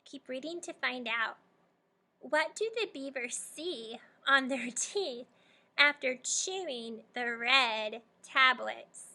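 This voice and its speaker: Bright-voiced woman teaching young readers. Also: sits high, expressive, slow. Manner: encouraging, prompting and praising students. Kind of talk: guided reading lesson for young children.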